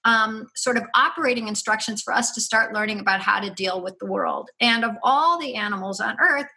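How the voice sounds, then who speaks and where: Bright, lively woman talking about play. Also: fairly high pitch, fairly quick, gravelly. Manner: lively, laughs often, tangents and restarts. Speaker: podcast guest, free-play advocate. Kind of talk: casual conversational explaining.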